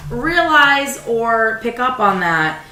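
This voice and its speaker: A woman's voice: a little high, big pitch swings, slow pace, bright, forceful tone, roomy sound, rough recording. A woman hosting a casual podcast chat, gushing like an eager fan. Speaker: podcast host.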